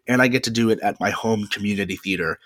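A young man in his twenties, speaking on the lower side, hosts a solo podcast in a loose, chatty way. He rambles and pauses often as he talks close to his microphone. The sound is dry and close, with no room echo. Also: a bit bright. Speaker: podcast host. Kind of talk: casual solo podcast monologue. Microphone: close podcast mic.

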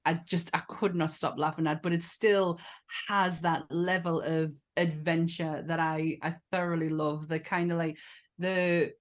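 A woman in her thirties with a Northern English accent, co-hosting a casual podcast chat, enthusiastic and quick to laugh and swear. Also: low-pitched. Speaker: podcast co-host.

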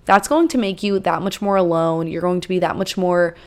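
A woman's voice: on the low side, fairly even intonation, fairly quick. A young woman talks through advice on her own podcast in a loose, chatty way. She fills the gaps with easy asides and casual fillers, as if talking to a friend. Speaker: podcast host.

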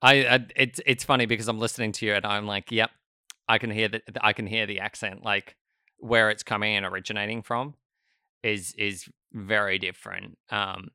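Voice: medium pitch, steady tone, moderate pace, sharp tone, clean tone, no echo, clean studio sound. A speaker with an Australian accent, chatting casually and laughing often. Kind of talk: casual chat.

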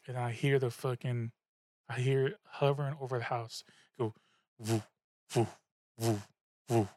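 Young man, mid-pitched voice, casual and profane storyteller, no room echo. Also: studio quality. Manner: animated, profane, repeats himself. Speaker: podcast host.

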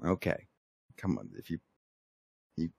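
A man co-hosting a podcast, telling one-liners deadpan and coaxing his co-hosts to laugh. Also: low-pitched, unhurried, gravelly, slightly rough, no room sound. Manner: deadpan joke delivery, coaxing laughs with "come on". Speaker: podcast co-host telling jokes. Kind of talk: casual podcast banter.

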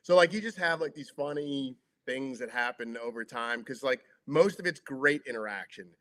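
Storytelling man, chatty and animated. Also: mid-range voice, moderate pace. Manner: lively storyteller acting out quotes, many "like" fillers. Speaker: sports broadcaster. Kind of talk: casual anecdotal storytelling.

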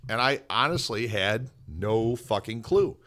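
A podcast co-host from the US Northwest, his voice on the low side and unhurried, tells a story in casual chat. He swears a lot and animatedly acts out the voices of the people involved.

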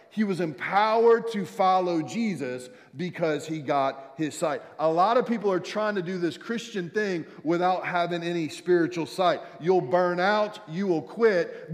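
A man preaching a sermon as a pastor in a church, energetic and calling out to the congregation, with jokey asides. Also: fairly high pitch. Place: church sanctuary. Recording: long church hall reverb.

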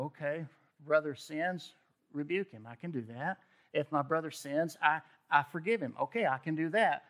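A man's voice: fairly high pitch, a bit bright. A man preaching a sermon in a conversational way, often checking in with "okay?" and restarting his words. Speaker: pastor.

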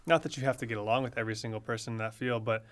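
Flat-voiced young man podcast host. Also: medium pitch, very fast. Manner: relaxed, conversational, gives advice. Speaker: podcast co-host, medical student. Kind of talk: casual podcast chat.

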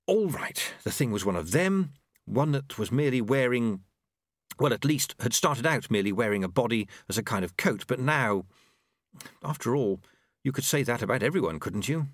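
A man reading a novel aloud, voicing the characters' lines by shifting his pitch. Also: animated, moderate pace, no room sound, clean studio sound. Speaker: audiobook narrator. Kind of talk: novel narration with character voices.

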